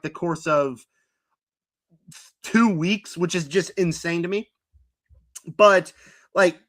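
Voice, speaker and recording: A young man with a slightly high, sharp-toned voice chats casually on a live stream while ranking movies in a tier list. He rambles, fills in with lots of fillers, and mocks characters through put-on quotes.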